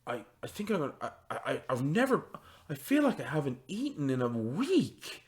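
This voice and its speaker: A man's voice: fairly high pitch, huge pitch swings, moderate pace. A man voicing a confused, starving male farmer who has just woken up in a tabletop game, stammering and repeating himself. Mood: weak.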